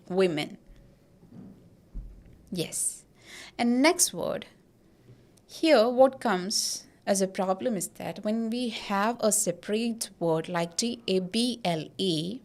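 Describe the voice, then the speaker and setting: Woman, pronunciation teacher: slow, measured delivery that keeps checking the listener has it. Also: medium pitch, a little mellow. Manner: repeats words and checks in with "okay?" and "got it?". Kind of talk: slow, deliberate classroom explanation.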